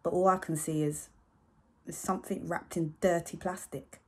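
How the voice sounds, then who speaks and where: In a solo stage monologue, a woman plays a sardonic young narrator recounting a family tale through dry, grumbling asides. Her voice is a little low, husky, and slightly mellow, with a steady tone and moderate pace. The mood is wry.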